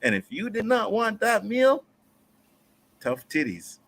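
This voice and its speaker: A man from Nova Scotia hosting a casual panel discussion, profane and animated, reading out viewer messages. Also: sits high, measured pace, vocal fry, a little hiss or hum. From Nova Scotia, Canada. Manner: profane, animated, acts out quotes. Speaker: panel show host.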